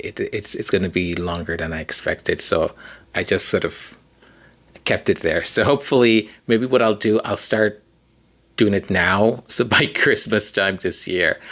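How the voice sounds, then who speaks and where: A man's voice: low-pitched, gravelly, a bit bright. A man hosting a podcast in a casual, rambling, hesitant monologue. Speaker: podcast host.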